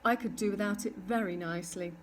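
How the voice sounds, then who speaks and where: A woman's voice: medium pitch, brisk, slight background noise, close to an everyday voice. A woman voicing a small, eager young male barn owl who asks many curious questions in a storybook reading. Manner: curious, easily huffy, chirpy questions. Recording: distant mic with faint ambience.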